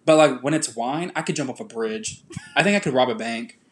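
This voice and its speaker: A young man co-hosting a podcast, talking loud and blunt in casual chat. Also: medium pitch, lively intonation, brisk, a little hiss or hum. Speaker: podcast co-host.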